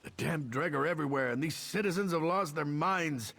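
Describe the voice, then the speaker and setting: Husky wounded game soldier, urgent and commanding. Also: male voice, on the high side, a little fast, fairly bright tone. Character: wounded male soldier defending a town. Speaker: game character.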